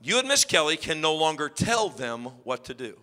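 A man's voice: on the high side, big pitch swings, normal speed, sharp tone. A man playing a self-assured male camp director who lectures in a condescending way. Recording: long hall reverb.

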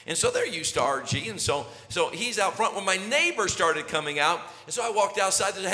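A middle-aged pastor tells comic family stories with lively, playful delivery, acting out each scene. His voice sits a little high and sounds bright. It carries a long echo from a large hall. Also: fairly quick, hardly any pauses. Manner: animated, jokey, acts out scenes. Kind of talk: storytelling sermon intro. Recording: echoey hall reverb.

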